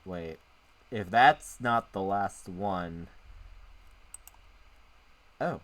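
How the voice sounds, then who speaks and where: A man's voice: deep voice, expressive, very slow. Rambling chatty male streamer. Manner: rambling, self-interrupting, chats with viewers. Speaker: streamer and VTuber. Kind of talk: casual live-stream chat while playing a visual novel.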